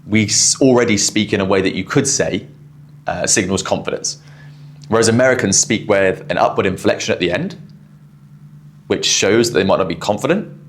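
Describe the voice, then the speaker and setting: A man with a southwest English accent talks through a podcast clip he recorded, breaking down what was said. His voice sits very low, and he speaks quickly and explains as he goes, often restarting his sentences. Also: slight background noise. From southwest England. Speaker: podcast host reviewing a clip.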